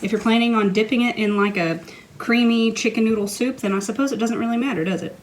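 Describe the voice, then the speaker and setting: A woman's voice: fairly high pitch, fast talker, slight background noise, poor audio. A woman giving a cooking tutorial in her home kitchen, with playful, self-mocking asides. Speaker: cooking vlogger.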